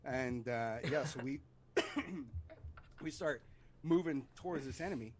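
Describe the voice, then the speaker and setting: A man's voice: mid-range voice, measured pace, background noise. A middle-aged man, an Army veteran, telling stories as a guest in a casual interview and acting out voices and sounds. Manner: animated, acts out voices and sounds in his stories. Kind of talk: casual storytelling in a podcast interview.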